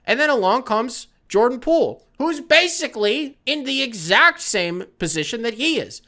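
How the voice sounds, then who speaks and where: A man's voice: very high-pitched, sing-song, moderate pace, sharp tone. A man hosting a sports podcast, rambling and joking in casual chat, swearing freely. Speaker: podcast host.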